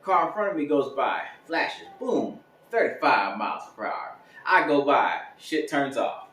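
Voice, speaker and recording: A man's voice: mid-range voice, unhurried, slight background noise. A young man telling casual, profane comic stories in a monologue. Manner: lively, profane storytelling with laughs. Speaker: comedian. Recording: echoey room, mic at a distance.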